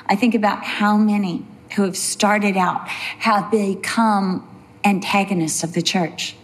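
Woman, mid-pitch, earnest Bible study teacher who slows down for emphasis and takes chatty detours. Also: fairly even intonation.

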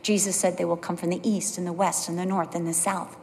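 A woman preaching a sermon, telling personal stories in an animated way and dropping to a low, soft voice for emphasis. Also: fairly quick, slight background noise. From California. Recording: long hall reverb.

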